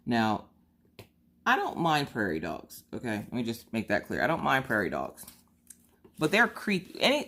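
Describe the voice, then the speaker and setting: A woman in her thirties chatting casually on her vlog, telling a family story in an animated, exasperated way. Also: a bass voice. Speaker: vlogger.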